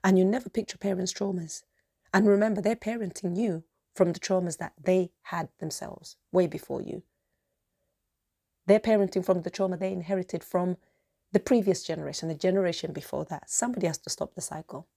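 Female podcast host, passionate solo monologue; low, dark, gravelly voice. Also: steady tone, fairly quick. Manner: passionate, repetitive, earnest.

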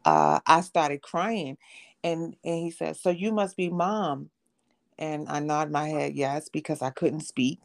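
A woman with a low, gravelly voice recounts her own story on a podcast. She tells it conversationally and slips into the voices of the people she quotes. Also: big pitch swings, takes it slowly. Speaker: podcast guest. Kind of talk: personal testimony in conversation.

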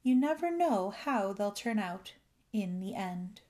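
A woman voicing a gentle, kindly male bullfrog in a storybook reading, raising her voice high for him. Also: slow pace. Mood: cheerful. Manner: earnest, high and excited when calling out.

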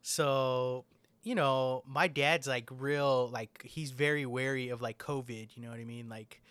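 A man's voice: mid-range voice, steady tone, a little slow, a bit bright, smooth, no room sound. A man in casual chat with a friend, rambling, swearing often and filling his talk with "like". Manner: rambling, swears a lot, fills with "like".

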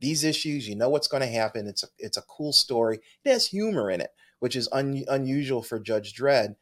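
A man's voice: mid-range voice, expressive. A man co-hosting a comic book show, talking eagerly in casual chat with frequent restarts. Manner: enthusiastic, halting, full of restarts. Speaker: comic book podcast co-host.

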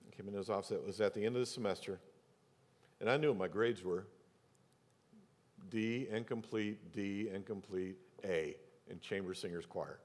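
A man's voice: deep voice, fast talker. A middle-aged man preaching as pastor, telling a personal story and acting out the voices of the people in it. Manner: storytelling, acts out quoted voices, drops to near whisper for emphasis. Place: church sanctuary. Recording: reverberant hall.

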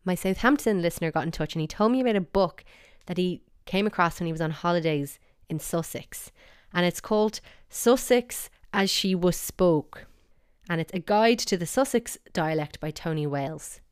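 An Irish woman hosting a podcast, talking casually in a playful, animated, mock-baffled way. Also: fairly low pitch, normal speed, smooth, no echo, studio quality. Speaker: podcast host. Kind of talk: casual solo podcast talk.

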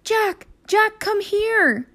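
A woman voicing an imaginative, excitable seven-year-old girl in a children's story read-aloud, calling out eagerly. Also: sits high, slow, voice pushed up, heavily acted. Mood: excited. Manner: excited, shouting.

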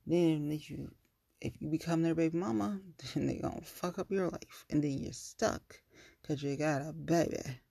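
A woman's voice: sits low, normal speed, vocal fry, slightly rough, no echo. A young woman talking casually and bluntly to her listeners, cursing freely and acting out her stories. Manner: blunt, profane, animated storytelling.

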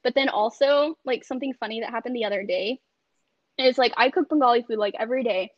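A young woman speaks casually as a podcast guest, full of fillers and quick laughs. Her voice sits fairly high and the call audio is muffled and lo-fi. The sound is very dry, with no room echo. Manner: chatty, many fillers, laughs often. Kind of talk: casual conversation on a video call. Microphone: video call.

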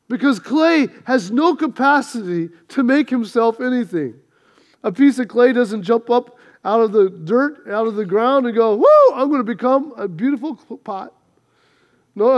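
A male pastor preaching a sermon, building emphasis and mixing in humor. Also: high voice.

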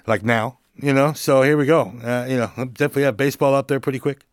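A man's voice: mid-range voice, steady tone, quick pace, clear, resonant tone, no echo. Laid-back joking man, dry close mic. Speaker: podcast host. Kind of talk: casual solo podcast chat.

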